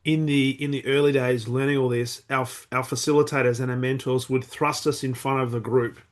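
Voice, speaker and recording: A man's voice: mid-range voice, flat delivery, fairly quick. A man hosts a conversational podcast interview. He talks in a reflective way, often repeating words as he thinks aloud. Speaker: podcast host.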